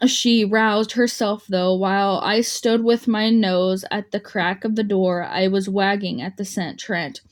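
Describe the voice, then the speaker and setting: Woman, audiobook narration, medium pitch, light dialogue voicing, occasional restarts. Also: fairly even intonation, measured pace, few pauses. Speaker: audiobook reader.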